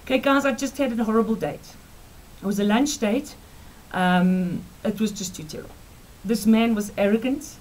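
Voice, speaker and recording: South African woman vlogger, forties, fairly high-pitched, animated, talks straight to viewers, teacherly. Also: moderate pace, rough recording. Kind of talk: chatty storytelling to camera.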